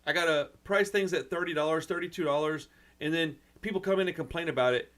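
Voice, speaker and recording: Speaking fast in a slightly high, fairly bright voice, an American man vents to the camera about personal matters, on the verge of crying. He owns a record store and runs his own channel, and his rambling, frustrated talk is sprinkled with mild curses, "man," and "dude."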